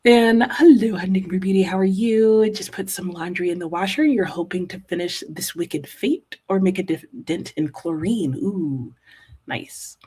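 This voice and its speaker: A woman's voice: on the low side, normal speed, few pauses, warm tone, husky. A woman hosting a live reading stream, chatting casually and reading out viewers' comments with frequent "ooh"s and "uh"s. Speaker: livestream host reading chat.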